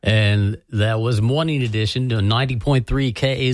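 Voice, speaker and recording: A man's voice: on the low side, fairly quick, few pauses, darkish tone. A man hosting public radio from a studio microphone, talking in loose, self-deprecating on-air banter.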